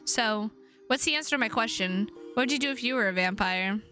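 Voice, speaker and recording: A woman's voice: on the high side, fairly quick, bright, forceful tone, soft background music. A woman voicing a restless young male vampire from a visual novel, reading his lines aloud. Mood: earnest.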